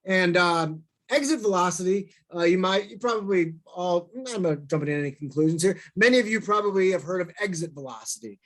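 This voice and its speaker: A man from St. Louis giving a storytelling talk, animated and self-deprecating, acting out quoted lines in bursts. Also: sits high, fairly quick. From St. Louis, USA.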